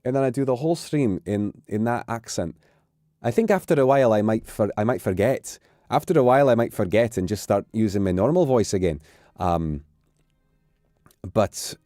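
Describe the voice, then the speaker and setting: A man with an English accent chatting casually on a stream, rambling from joke to joke. His low, warm, mellow voice swings widely in pitch as he gets animated. The sound is dry and close. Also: no room sound. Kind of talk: casual chat.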